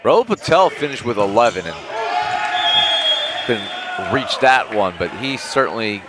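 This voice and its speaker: A man's voice: fairly low pitch, a little slow, a loud crowd. A man doing live play-by-play commentary on a volleyball match, his voice jumping up on big plays. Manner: excitable, voice jumps up on big plays. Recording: commentary over loud gym noise.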